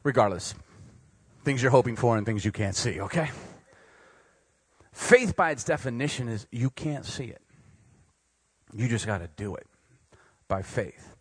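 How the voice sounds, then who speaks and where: A young man preaching a sermon to university students, joking and animated, swinging between loud outbursts and quiet, earnest points. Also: mid-range voice, a little slow, pauses often, breathy edge, dry recording. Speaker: pastor speaking to university students.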